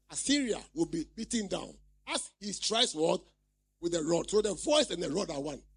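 A man's voice: sits high, fairly bright tone, husky. A man preaching a sermon, reading scripture aloud and repeatedly asking the congregation questions. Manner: reads scripture aloud and explains it.

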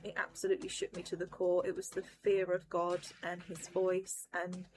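A woman's voice: fairly low pitch, monotone, moderate pace, noisy background. A woman solemnly recounting a vision in a personal testimony. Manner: solemn, intense retelling.

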